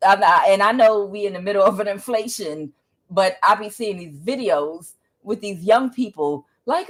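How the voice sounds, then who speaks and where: Woman tarot reader, casual rant, emphatic, keeps saying okay, slightly low voice. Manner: emphatic, keeps asking "okay?", ranting asides. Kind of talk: casual tarot reading monologue.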